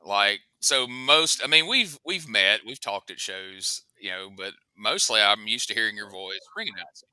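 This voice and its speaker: Southern male podcast host, very bright, smooth voice, rambly chat, dry sound. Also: lowish voice, lively intonation, moderate pace, dry recording, rough recording. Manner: chatty, rambling with many fillers and restarts.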